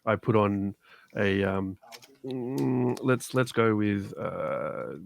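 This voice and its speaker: A man's voice: fairly low pitch, fairly even intonation, extremely slow, gravelly. A man playing in a tabletop game, talking in a wry, hesitant way. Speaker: player. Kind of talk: casual tabletop chat.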